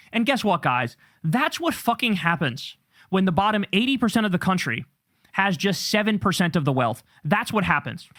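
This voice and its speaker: Angry guy ranting, high bright voice, swears a lot. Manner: heated, profane, ranting. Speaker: political commentator host. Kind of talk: angry political rant.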